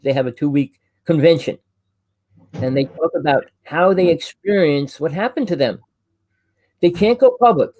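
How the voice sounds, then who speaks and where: Host, man, New Jersey accent, loud rambling talker, slightly high voice. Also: no room sound. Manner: loud, fast and rambling with restarts. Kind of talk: casual chat.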